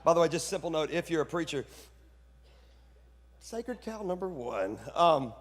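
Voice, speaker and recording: A man's voice: a little high, normal speed. A man preaching to fellow pastors, joking and breaking into bursts of preacher fire. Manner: lively, joking, preacherly outbursts. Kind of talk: conference sermon to pastors. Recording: hall reverb.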